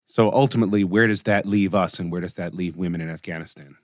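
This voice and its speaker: Brisk low-voiced male news host. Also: dry recording, studio quality. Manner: brisk, direct questioning. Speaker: podcast host. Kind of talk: news interview questions.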